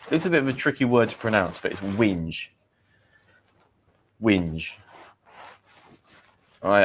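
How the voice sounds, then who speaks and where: A man with a lowish voice and a British English accent hosts a live vocabulary lesson as an English teacher and livestream host, chatty in manner. He quizzes viewers and reads out their comments, and there's a little hiss or hum on the audio.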